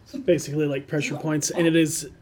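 A man's voice: on the high side, little pitch movement, quick pace, crowd noise. A man at a tabletop game, explaining things in an easygoing, slightly hesitant way. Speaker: player. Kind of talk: casual tabletop game chat.

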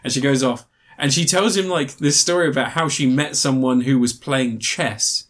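A man's voice: mid-range voice, normal speed, fairly bright tone. A man hosting a casual film review podcast, retelling scenes animatedly with frequent laughter. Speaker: podcast host.

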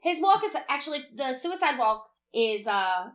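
Higher-voiced woman adding details. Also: very animated, normal speed, fairly bright tone. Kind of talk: casual chat.

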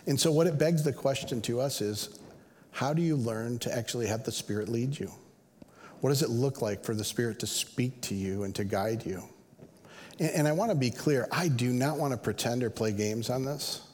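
Middle-aged male pastor, earnest and conversational, mid-pitched, preaching in a reverberant church hall. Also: normal speed, darkish tone, a little hiss or hum. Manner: conversational, earnest, acts out quoted voices. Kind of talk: sermon.

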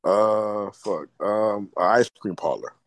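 A man in a casual podcast chat, playful and halting while he thinks aloud. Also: on the low side, no room sound. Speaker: podcast co-host.

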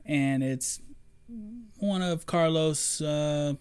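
A woman with a notably low voice, talking in an easy, casual way. She lays out events in a plain, matter-of-fact manner, one step after another. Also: drawn-out words, darkish tone, clean tone. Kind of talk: casual chat recapping a film.

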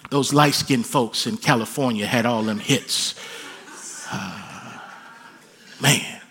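Husky preacher guy, bright edgy tone, goes soft then builds way up loud. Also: medium pitch, takes it slowly. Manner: swings from hushed pleading to soaring shouted emphasis. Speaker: pastor. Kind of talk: sermon.

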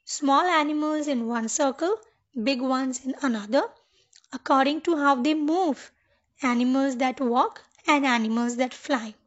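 A woman narrating a children's story slowly, gently and clearly. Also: high voice, highs cut off.

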